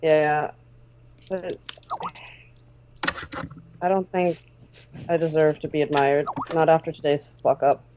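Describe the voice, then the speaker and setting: Woman voicing a gruff self-critical young soldier. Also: sits low, steady tone, slow pace, long pauses, dull audio, background noise. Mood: glum.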